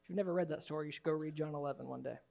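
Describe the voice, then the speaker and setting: A man preaching a sermon as pastor in a church, swinging from soft, low asides to loud, high exclamations. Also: racing, vocal fry. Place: church sanctuary.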